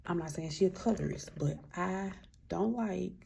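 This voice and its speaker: Low, gravelly woman's aside. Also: normal speed, warm tone, a little hiss or hum. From Memphis, US. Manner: frank, self-mocking, profane. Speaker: vlogger adding an editor's note. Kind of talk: casual voice-over aside.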